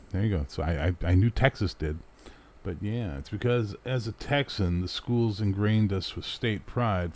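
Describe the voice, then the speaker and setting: Sarcastic, swearing man with a lowish voice. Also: a little mellow. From Canada. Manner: sarcastic, rambling, swears freely. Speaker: talk show host. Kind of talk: casual livestream chat reading viewer comments.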